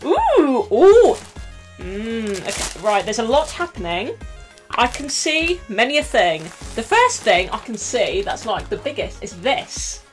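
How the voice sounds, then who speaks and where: A woman's voice: a little high, very animated, unhurried, fairly bright tone, soft background music. A young woman from the UK, a bubbly, self-mocking vlogger chatting casually through an unboxing, a little out of breath. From United Kingdom. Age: young adult. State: slightly out of breath.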